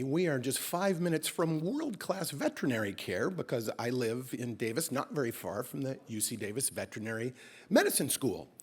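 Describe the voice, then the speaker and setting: A man telling a true first-person story live on stage at a story slam, animated and slipping in deadpan comic exaggeration. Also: mid-range voice, husky.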